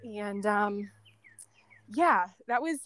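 A woman's voice: medium pitch, animated, drawn-out words, fairly bright tone, no echo. A woman being interviewed, telling a story casually, with lots of "like" and "um" and small laughs between thoughts. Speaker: guest, former end-of-life caregiver.

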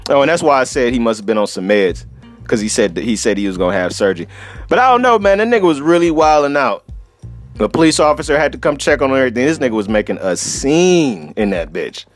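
Lively, profane male podcast host. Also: mid-range voice, fast talker, soft background music. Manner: profane, laughing, lively storyteller. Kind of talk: casual solo podcast storytelling.

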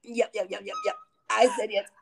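Young woman, podcast co-host, casual chat, animated storytelling, a bit high-pitched. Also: a little fast, gravelly, slight background noise. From family from Nigeria. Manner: animated storytelling with frequent laughs.

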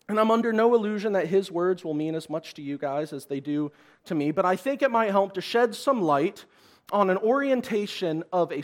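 Young guy preaching, high voice, swings up and down a lot, earnest. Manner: earnest, rises in pitch and force on acted-out pleas. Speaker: guest preacher. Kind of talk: sermon.

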